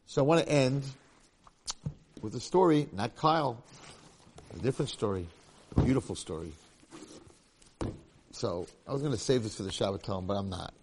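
A man's voice: mid-range voice, animated, moderate pace, pauses often, noisy background. A man teaching a religious lecture, telling a moral story and repeating key points for emphasis. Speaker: Torah teacher.

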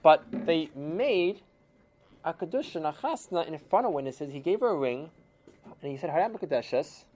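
Low-voiced woman storyteller; animated, wide-ranging delivery. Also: moderate pace, slight background noise. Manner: expressive, switches voices, Yiddish and Hebrew terms.

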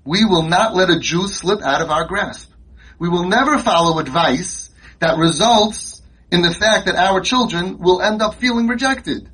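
A man's voice: high voice, normal speed, a bit bright, husky, poor audio. A man giving an impassioned, rhetorical speech at a conference, repeating his lines for emphasis. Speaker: conference speaker. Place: conference hall.

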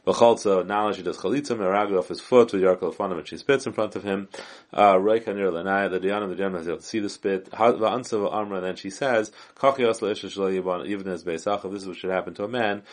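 Low-voiced man teaching a Talmud page. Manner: reads Aramaic text then explains in English; halting, with frequent restarts. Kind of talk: Talmud lesson, translating and explaining.

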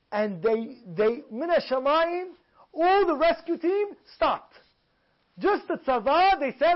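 A man teaching a religious lesson. He repeats himself for emphasis and keeps asking his listeners rhetorical questions. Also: very high voice. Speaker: Torah teacher. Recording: dull lo-fi sound.

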